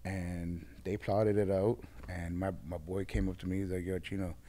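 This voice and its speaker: A lower-voiced man tells stories in a relaxed interview. He is animated and acts out the voices of the people he quotes. His pitch stays on the low side. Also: moderate pace. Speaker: guest DJ. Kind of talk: casual storytelling interview.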